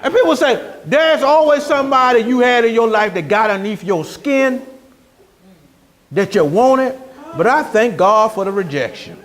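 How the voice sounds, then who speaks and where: Man, pastor, sermon, very high voice, animated swings, storytelling, bursts of shouting. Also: moderate pace.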